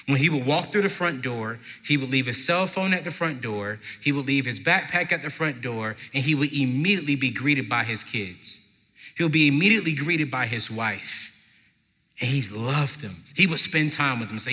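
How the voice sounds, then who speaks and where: A man giving a live inspirational talk to an audience at a parenting event, telling stories emphatically with slow, dramatic pauses. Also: medium pitch, animated, bright, forceful tone. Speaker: motivational speaker at a parenting event. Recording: long hall reverb from a live venue.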